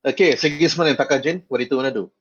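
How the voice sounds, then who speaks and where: Man, game master, tabletop narration, halting, middle pitch, dull lo-fi audio. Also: a little hiss or hum. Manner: relaxed, halting narration with fillers.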